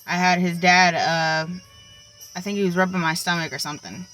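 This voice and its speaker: Bright-voiced young woman telling a story. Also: fairly low pitch, steady tone, moderate pace, soft background music, rough recording. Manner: chatty, filler-heavy, with many likes and ums. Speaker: vlogger. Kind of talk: casual storytime.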